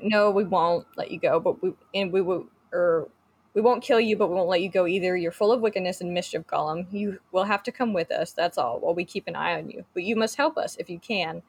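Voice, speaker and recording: A woman co-hosts a casual podcast chat, filling her speech with fillers and restarts and reading book passages aloud. Her voice is on the low side with a breathy edge.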